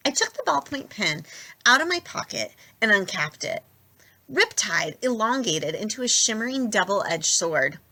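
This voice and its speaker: A young adult woman reading a novel aloud with expressive, lively narration. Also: medium pitch, measured pace. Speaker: storybook reader.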